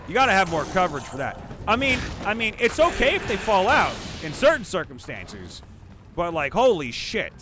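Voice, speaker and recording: A man streaming a game live, chatting casually and ranting with crude, profane jokes over game music. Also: fairly high pitch. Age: adult, not young. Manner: crude, profane, joking rants. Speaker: streamer and voice actor playing a game.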